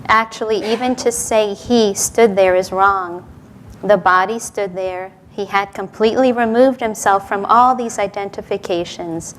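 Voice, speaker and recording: A woman's voice: medium pitch, fairly even intonation, unhurried, slight background noise. A middle-aged woman from New York City giving a Sunday service talk, telling stories and chuckling between lines. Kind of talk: sermon with told stories and jokes.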